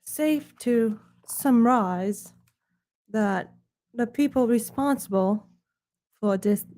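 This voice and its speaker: A woman putting on a shabby snooty British accent to play a pompous, sophisticated presenter of art, speaking slowly and formally with her lower face drooped. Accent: put-on British accent. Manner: pompous, mock-formal and hushed.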